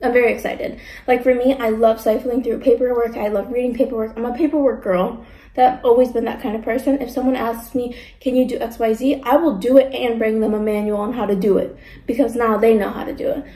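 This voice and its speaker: A young woman vlogging casually as she eats, chatting in an animated way and acting out the voices in her stories. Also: on the high side, fast. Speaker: mukbang vlogger. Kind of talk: casual chat while eating. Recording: echoey room.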